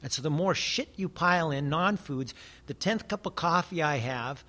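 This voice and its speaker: An American man who holds forth in a casual conversation, earnest and preachy, with a lot of swearing. His voice sits on the higher side for a man. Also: lively intonation, normal speed, pushed and bright. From United States. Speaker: guest.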